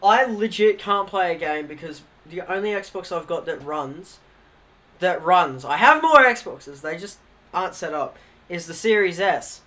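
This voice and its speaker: Pushed and bright, his high-pitched voice is animated but a little slow. The young man is casually chatting on a live stream, recounting funny family tales with plenty of laughter, swearing, and acted-out family quotes.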